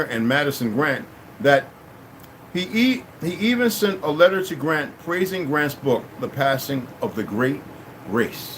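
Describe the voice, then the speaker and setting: A man's voice: fairly high pitch, a bit bright, a little hiss or hum, poor audio. A man hosting his own channel, reading a text aloud and breaking off into casual asides to his listeners. He stumbles over hard words and restarts often. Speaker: channel host.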